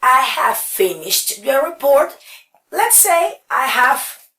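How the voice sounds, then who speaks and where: In a high, sing-song voice that's bright and forceful, she walks her class through English grammar at a slow pace. Each point is explained step by step, with frequent check-ins of "okay." The room echoes, and she's distant from the mic.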